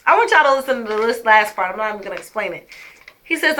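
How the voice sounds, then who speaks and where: Woman vlogger with a bright, pointed voice, addressing her viewers emphatically and with indignation. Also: a little high, expressive, brisk. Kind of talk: personal storytelling to camera.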